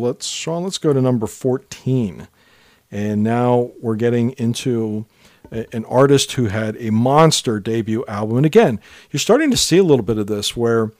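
A man co-hosting a podcast, chatting casually about old pop hits and telling stories, sometimes trailing off softly. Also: mid-range voice, dry recording, studio quality. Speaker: podcast co-host. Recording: music playing under the talk.

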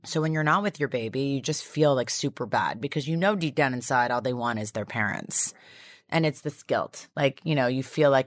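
A woman's voice: rumbling low, expressive, normal speed, no echo, clean studio sound. A woman in her thirties chatting as a podcast guest, telling stories in a bubbly way with lots of fillers. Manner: bubbly storyteller, lots of likes. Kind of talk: casual chat.

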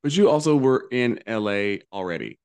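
A man co-hosting a casual pop-culture podcast, animated and campy, slipping into mock voices for jokes. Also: on the low side, normal speed, clear, resonant tone. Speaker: podcast co-host. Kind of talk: casual chat.

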